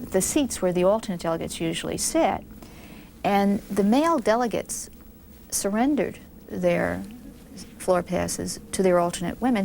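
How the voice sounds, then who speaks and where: A woman in her fifties from the United States, candidly recalling events in an interview, animated, with frequent restarts. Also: medium pitch, a little hiss or hum. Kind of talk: reflective interview recollection.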